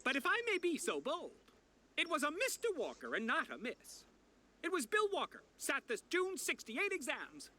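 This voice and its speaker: A man's voice: very high voice, huge pitch swings, normal speed, bright, forceful tone, exaggerated voice. A man voicing a haughty, sardonic old university rector in a video game.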